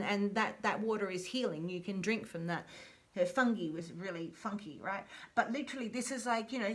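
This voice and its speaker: A woman's voice: medium pitch, a bit bright. Chatty woman giving a tarot reading. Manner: chatty, repeats phrases, self-correcting; playful asides with jokes. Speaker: tarot reader.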